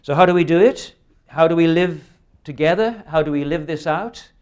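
A man's voice: fairly high pitch, normal speed, smooth. A man in his sixties preaching a sermon, earnest and emphatic, often ending points with rhetorical questions. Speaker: pastor.

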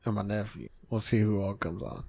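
A man hosting a podcast in casual chat, swearing a lot and animated, slipping into mocking impressions. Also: on the low side, quick pace, creaky. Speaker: podcast host.

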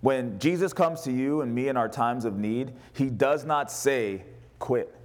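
A man preaching as pastor, passionate, moving between a raised voice and a hushed, tender delivery. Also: medium pitch, normal speed. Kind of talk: sermon.

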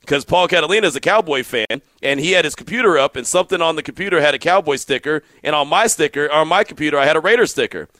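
A man hosting a sports radio show, telling stories in an animated way and acting out the quotes. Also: high voice, racing, few pauses, dry recording. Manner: animated storyteller, acts out quotes. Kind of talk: casual sports radio talk.

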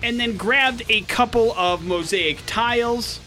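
A man's voice: very high-pitched, unhurried, soft background music. A young man hosting a morning radio show, joking with his co-host and running a call-in contest. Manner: energetic, joking, talks listeners through a contest. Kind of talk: casual radio banter.

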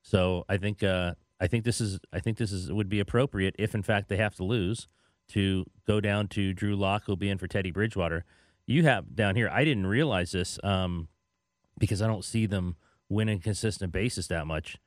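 Laid-back male sports radio host, low voice, dry studio sound, easy chuckles. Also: moderate pace, no echo. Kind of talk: casual sports talk. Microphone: studio microphone.

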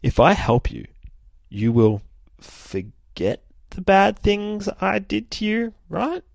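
A man voicing a young alien girl who asks halting, wary questions in a raised voice. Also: sits high, big pitch swings, vocal fry, dry recording, voice pushed up, heavily acted. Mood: wary, questioning.

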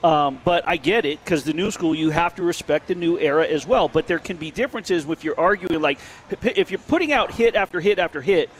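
Animated man talking sports. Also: fairly high pitch, a little hiss or hum. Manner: animated, storytelling, quick restarts. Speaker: sports radio co-host. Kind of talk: casual sports talk.

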